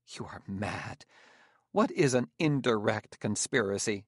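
A man's voice: fairly low pitch, expressive, unhurried, dry recording, studio quality. A man reading a scornful, imperious woman scientist. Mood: contemptuous. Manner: sneering, imperious.

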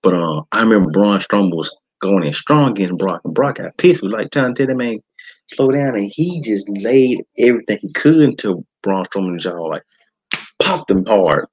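A low, husky-voiced man calls a wrestling match as he watches it. He talks casually, then breaks into loud, high, excited shouts. The recording sounds dull and lo-fi. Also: moderate pace. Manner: animated, casual slangy talk with sudden high excited shouts. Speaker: podcast host. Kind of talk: excited live wrestling watch-along commentary.

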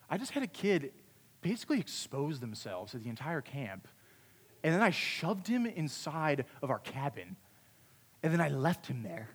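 A young man telling a self-mocking story to a youth group, his voice sitting a bit high. He talks with lively swings between loud and hushed. A long reverb from a large hall trails behind him. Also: breathy edge. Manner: animated, self-deprecating storyteller. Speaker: youth camp speaker.

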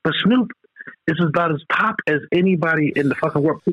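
A man's voice: fairly high pitch, fairly quick, muffled recording. Profane man riffing in casual chat. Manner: loose, profane, rambling street talk.

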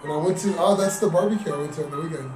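A man's voice: on the high side, very fast. A young man, telling a story in casual chat, slangy and swearing, switching between English and Spanish. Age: young adult. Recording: roomy distant mic with music. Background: music.

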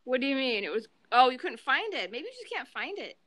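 A woman's voice: high-pitched, very animated, fast talker, fairly bright tone, dry recording. A young woman on a casual podcast, retelling a story animatedly and acting out the people in it. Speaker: podcast co-host.

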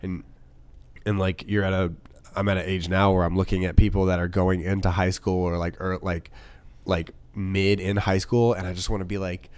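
Low-voiced young man rambling casually. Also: flat delivery, moderate pace, darkish tone, clean tone, no echo. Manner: rambling, full of "like" and laughs. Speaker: podcast co-host. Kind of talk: casual chat.

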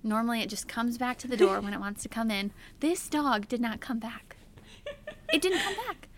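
A young woman with a fairly high voice co-hosts a casual podcast. She tells stories in a loose, chatty way, full of "like"s. Her voice leaps upward whenever she acts out her own yelling. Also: brisk. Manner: animated storyteller, many "like"s, voice jumps high when retelling her yelling. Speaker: podcast co-host. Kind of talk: casual storytelling chat.

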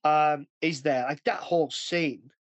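A man's voice: a little high, steady tone, a little slow, no echo. A man hosting a podcast in casual chat, rambling and chatty, often restarting sentences. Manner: rambling, chatty, often breaks into acted quotes. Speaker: podcast host.

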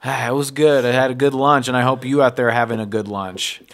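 A man's voice: medium pitch, fairly even intonation, a little fast. A man co-hosting a casual podcast chat, joking around and laughing. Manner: joking, does silly voices, laughs. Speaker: podcast co-host.

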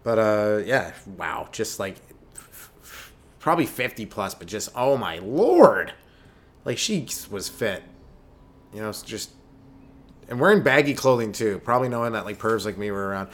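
A Canadian man in his thirties, a stand-up comedian riffing through a rambling comedic monologue and slipping into quick put-on voices for the people in his stories. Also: lowish voice, lively intonation. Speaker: stand-up comedian hosting a podcast.

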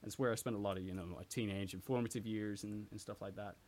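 A man's voice: on the low side, steady tone, fast talker, darkish tone. A young British man raised partly in America, with a mixed British and American accent, chatting as a podcast guest and explaining at length with many fillers. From Britain, raised partly in the US. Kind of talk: casual chat.

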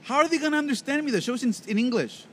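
A man's voice: very high-pitched, very fast, fairly bright tone, a little hiss or hum. A man co-hosting a casual podcast chat, a professional interpreter who tells rambling stories and jokes around. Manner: rambling, joking storyteller. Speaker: podcast co-host.

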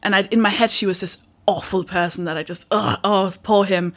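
A woman's voice: mid-range voice, steady tone, a little fast. A woman in her thirties hosting a podcast, telling a candid personal story in casual chat, acting out the people in it. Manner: candid, storytelling with quoted dialogue. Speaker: podcast host.

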